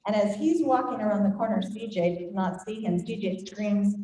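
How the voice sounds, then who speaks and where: An older woman teaching a group, telling a family story in an animated way and acting out voices. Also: mid-range voice, moderate pace. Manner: animated, acts out quoted voices. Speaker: Bible study teacher. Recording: echoey room, faint noise.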